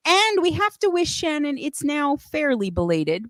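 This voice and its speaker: A woman's voice: high-pitched, big pitch swings, a little slow, fairly bright tone, no echo. A woman hosting a casual livestream, chatting in a playful, joking way. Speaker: host.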